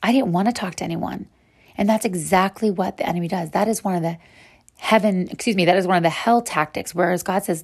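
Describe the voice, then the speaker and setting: A woman's voice: fairly low pitch, brisk, darkish tone, slightly rough. A woman hosting a podcast and teaching a Bible devotional, speaking in an earnest, encouraging way to her listeners as sisters.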